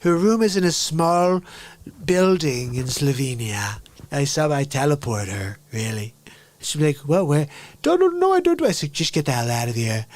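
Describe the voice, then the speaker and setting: A man's voice: on the high side, big pitch swings, moderate pace, a little mellow, no room sound. A man doing a blustering, boastful older politician. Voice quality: boastful, repetitive phrasing. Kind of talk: comedic celebrity impression.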